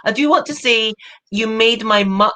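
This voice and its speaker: A woman's voice: a little high, moderate pace, sharp tone. A woman interviewing an author, chatty and rambling, often correcting herself mid-sentence. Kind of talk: casual interview chat.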